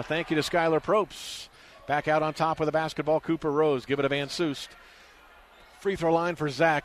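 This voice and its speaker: A man doing fast radio play-by-play for a high school basketball game, getting loud and excited on big shots. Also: a little hiss or hum. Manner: rapid, excitable, rises loudly on big shots.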